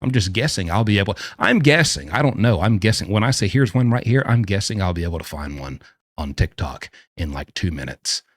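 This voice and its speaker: A man's voice: low-pitched, animated, fairly quick, husky, no echo. A man giving opinionated reaction commentary with a blunt, mocking manner, speaking as someone who says he knows prison life firsthand.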